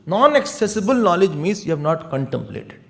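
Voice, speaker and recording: A man giving a spiritual discourse as a teacher, telling stories in an animated way. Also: high-pitched, fairly quick, creaky. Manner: animated storytelling, mixing in Hindi phrases.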